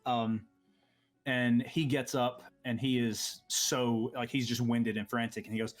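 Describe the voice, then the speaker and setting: A man's voice: medium pitch, level tone, unhurried, faint music behind. A man narrating a tabletop game as game master, rambling and hesitant, with many fillers.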